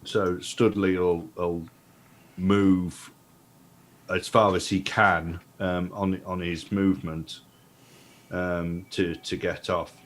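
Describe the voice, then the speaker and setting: A very deep-voiced man playing a tabletop game. He talks slowly with many fillers, and there is faint background noise. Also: level tone. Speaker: player.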